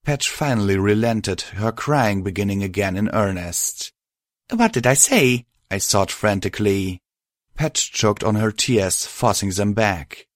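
A man reading a first-person story aloud in a steady, measured way. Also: fairly low pitch, no echo, clean studio sound. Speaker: reader. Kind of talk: first-person fan fiction audiobook narration.

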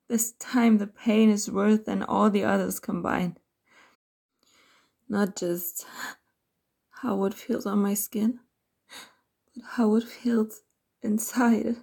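A woman telling a first-person erotic story as a whispered role-play, in a soft, intimate whisper. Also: mid-range voice, gravelly, slightly rough. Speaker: narrator of an erotic audio story.

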